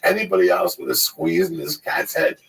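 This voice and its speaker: Gravelly guy ranting a story on a podcast, swearing a ton, voice jumps all over, kinda far off the mic. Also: fairly high pitch, big pitch swings, crowd noise. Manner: profane, rapid, acts out the voices. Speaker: comedian telling a story.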